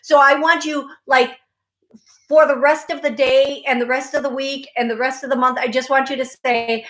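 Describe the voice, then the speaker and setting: Effusive psychic host, high voice. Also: female voice, level tone, moderate pace, a bit bright. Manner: effusive, emphatic, repeats phrases. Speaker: psychic medium radio show host. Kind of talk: call-in psychic reading.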